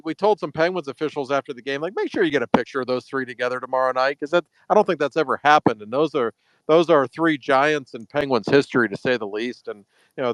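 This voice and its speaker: A man's voice: mid-range voice, dry recording, poor audio. A man casually chatting as a hockey writer on a podcast, telling stories in an offhand, dry way.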